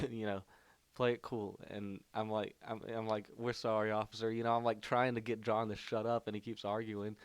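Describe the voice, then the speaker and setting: A young man tells a rambling story to his camera, leaning on "like" and "you know" at every turn. His voice sits low and stays flat, with a smooth, clean tone. The sound is dry and close. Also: moderate pace, no echo. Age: young adult. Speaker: vlogger telling a story. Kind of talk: casual storytelling.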